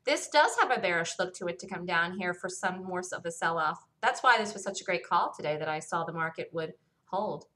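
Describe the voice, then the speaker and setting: A woman hosts a stock market review show alone, walking through the day's trading with emphatic self-assurance and circling back to the same points. Her lowish voice is expressive and brisk, with a sharp tone.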